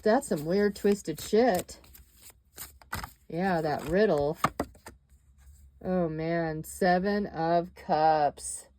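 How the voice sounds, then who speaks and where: A woman's voice: fairly low pitch, extremely slow, pauses often, warm tone. A woman doing a tarot reading, musing and dramatic, with exclamations and sighs. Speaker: tarot reader.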